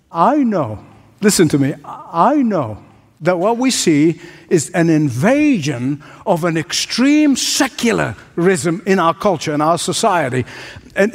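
A man with a high voice delivers a sermon at an unhurried pace, building points through emphatic repetition. His voice rings with a long reverb, as in a church sanctuary. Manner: rhetorical repetition, emphatic preaching cadence. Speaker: pastor.

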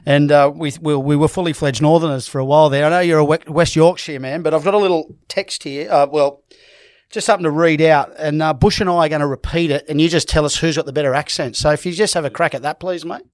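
A man presenting a club radio show in a jokey, upbeat way. His voice sits a bit high, and the mic is close and dry. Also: fairly even intonation, quick pace, dry recording. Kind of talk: casual sports chat.

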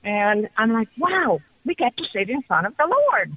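A woman calling in to a radio show, telling her story with excited, animated energy over the telephone. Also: fairly high pitch, normal speed, background noise. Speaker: caller. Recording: dull phone line.

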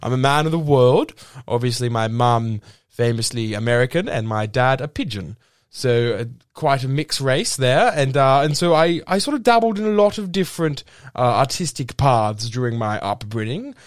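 A man's voice: mid-range voice, lively intonation, normal speed, dry recording, clean studio sound, close to an everyday voice. A man improvising a pompous, boastful male actor who brags about his career and laughs at himself. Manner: grandiose, boastful, laughs often. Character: pompous self-important male actor Badge Cornerstone. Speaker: comedy podcast host. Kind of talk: improvised comedy role-play.

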